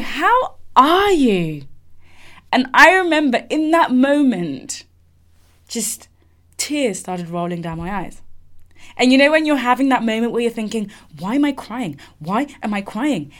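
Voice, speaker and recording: Candid woman telling a story. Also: fairly high pitch. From England. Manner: candid, reflective, with frequent fillers and restarts. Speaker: speaker sharing a personal story. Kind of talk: personal storytelling talk.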